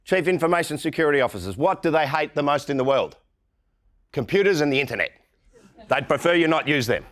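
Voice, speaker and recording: A middle-aged Australian man giving a conference keynote talk, blunt and irreverent, often mimicking the people he mocks. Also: a little high. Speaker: keynote speaker.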